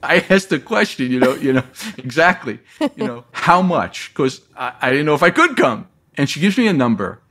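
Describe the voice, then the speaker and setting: A man telling a long personal story as a guest in an interview, lively and acting out the voices of the people he quotes. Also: mid-range voice, brisk, few pauses.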